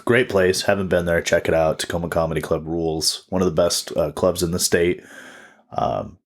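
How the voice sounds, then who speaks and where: A man's voice: low-pitched, fairly even intonation, moderate pace. A man in his twenties, a comedian and podcast co-host, telling a story in casual chat, swearing freely and acting out quotes. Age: 20s.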